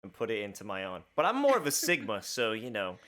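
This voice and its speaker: A man's voice: lowish voice, huge pitch swings, quick pace, crowd noise. A man hosting a casual studio interview show, laid-back and joking, swearing offhandedly. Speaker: talk show host.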